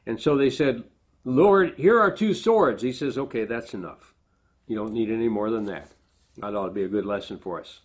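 Man, pastor, sermon, husky voice, reads verses with emphasis, plain asides. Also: on the low side, steady tone, a little fast, a little mellow. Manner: reads scripture aloud with rising emphasis, then explains plainly.

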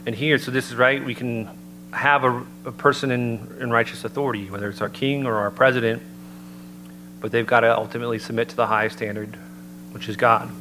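A man speaks in an earnest, measured way, like a preacher walking a congregation through scripture point by point. His voice sits in an ordinary middle register. A steady hum runs under the recording. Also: medium pitch, low-quality recording. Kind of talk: sermon-style talk. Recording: noticeable background hum.

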